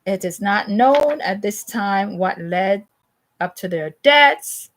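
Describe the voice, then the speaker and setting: Gravelly woman rambling through news. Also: mid-range voice, lively intonation, takes it slowly, poor audio. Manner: repetitive, restarts and stammers, emphatic. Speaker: vlogger commenting on news. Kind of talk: rambling monologue and reading news aloud.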